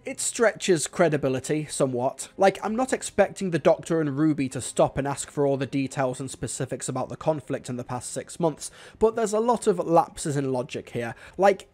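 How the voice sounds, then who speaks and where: A man narrating a scripted video review of a TV episode, analytical and measured, with dry asides. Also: a little high, darkish tone.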